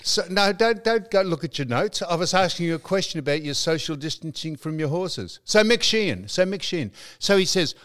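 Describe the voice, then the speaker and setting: An older Australian man hosting a talk show, telling stories in an animated, teasing way and mimicking the people in them. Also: on the high side, a little fast, hardly any pauses. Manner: animated, teasing, retells with quoted voices. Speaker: radio host. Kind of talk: banter and storytelling.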